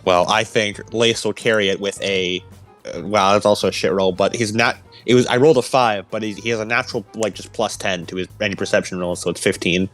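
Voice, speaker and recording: Male player, low voice, easy swearing, casual table chat, music faint underneath. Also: steady tone, a little fast, fairly bright tone. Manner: enthusiastic, swears freely.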